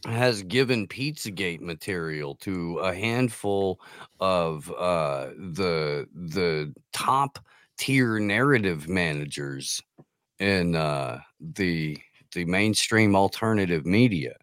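Slow deadpan low-voiced man. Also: dry recording, studio quality. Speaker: podcast guest. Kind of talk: casual comedic chat.

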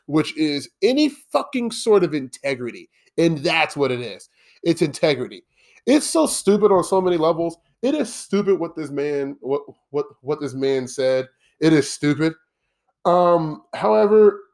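A man's voice: on the high side, darkish tone. A man hosting a solo podcast, talking bluntly and profanely in a rambling rant full of "okay?" asides. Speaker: podcast host.

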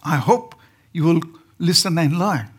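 A man's voice: fairly high pitch, expressive, a little slow, slightly rough. A man from India with an Indian accent, preaching as a guest speaker and joking with the congregation. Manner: joking, asks the congregation questions. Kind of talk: sermon.

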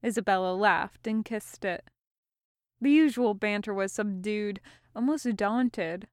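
A woman reads a story aloud in calm, measured narration. Her voice is smooth, clear and slightly high, and she takes her time. The recording is close and dry. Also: no echo. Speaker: audiobook reader. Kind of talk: scripted narration.

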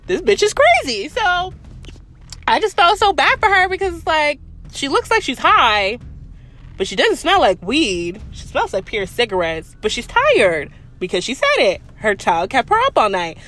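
A woman telling a story in a vlog, blunt and profane, animated in her delivery. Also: sits high, measured pace. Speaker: vlogger.

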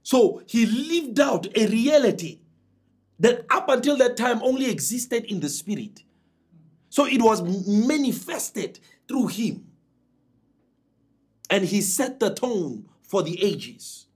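High husky-voiced man preaching a sermon. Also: big pitch swings, slow, darkish tone. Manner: emphatic preaching with dramatic pitch swings.

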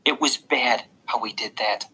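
A man voicing a devout woman babysitter in a storybook reading, speaking in a slow, scolding, preachy way. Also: medium pitch, bright, forceful tone, breathy edge, rough recording.

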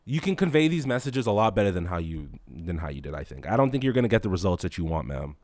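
Animated, foul-mouthed young man ranting. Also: sits low, fast, dry recording. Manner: animated, profane, swings loud to mumbling. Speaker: podcast host. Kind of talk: casual comedic rant.

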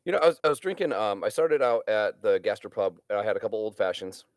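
A man's voice: lowish voice, quick pace, no room sound, clean studio sound. A man telling rambling stories in a casual chat, swearing freely as he goes.

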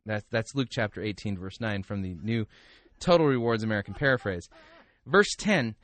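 A man's voice: lowish voice, normal speed, a bit bright, no room sound. A man hosting a podcast, talking casually with wry, sarcastic asides and frequent restarts. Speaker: podcast host. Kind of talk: casual commentary and reading aloud.

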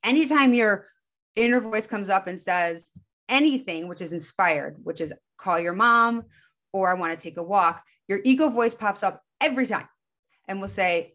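A woman speaks in an earnest, casual way about spiritual self-help, with a voice of middle pitch. She keeps slipping into little acted-out snippets of her inner voices, shifting her tone quickly to play each one. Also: expressive, fairly bright tone.

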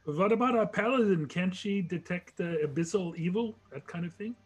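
A man's voice: high voice, normal speed. A man playing a tabletop game, asking the game master lots of questions. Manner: curious, asks many questions. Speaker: player.

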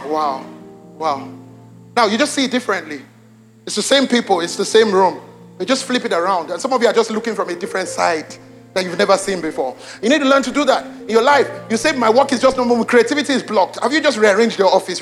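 An animated young pastor with a notably high voice preaches to his church. He swings from loud exclamations down to hushed emphasis and keeps repeating his lines. Faint music plays softly underneath him. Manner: repeats lines for emphasis, addresses congregation directly. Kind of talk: sermon. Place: church auditorium with congregation.

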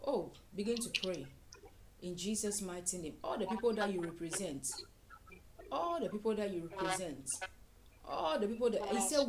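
A woman's voice: medium pitch, expressive, normal speed, noisy background. A woman leading a fervent prayer session, repeating lines and breaking into tongues. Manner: fervent, repetitive, with bursts of speaking in tongues. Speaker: prayer leader.

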